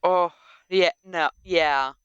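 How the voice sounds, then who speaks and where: A woman co-hosting a podcast in casual review chat, animated and exclamatory, leaning on "like" as she talks. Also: on the low side, slow pace, smooth, dry recording, lo-fi sound. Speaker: podcast co-host.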